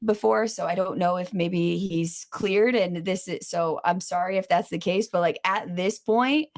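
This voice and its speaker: A woman's voice: fairly low pitch, unhurried. A woman guesting on a podcast, reacting bluntly and sarcastically in casual chat, sometimes swearing. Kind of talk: casual true-crime chat.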